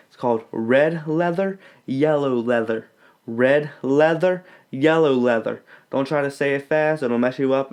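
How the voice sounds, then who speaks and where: A young man giving a casual tutorial on stage pronunciation, demonstrating tongue twisters slowly and clearly. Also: mid-range voice. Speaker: acting coach.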